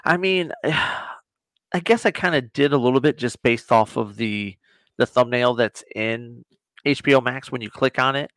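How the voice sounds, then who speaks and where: A man's voice: medium pitch, a bit bright, dry recording. Man, guest, casual chat, rambling retelling, dry close sound. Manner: rambling, retells scenes with quick quoted voices.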